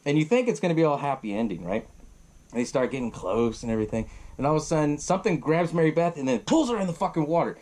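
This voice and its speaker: A man's voice: on the high side, expressive, quick pace, darkish tone. A young man hosting a podcast, retelling a horror film in a rambling, profane way and acting out the characters' lines. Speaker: podcast host. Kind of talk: casual movie recap.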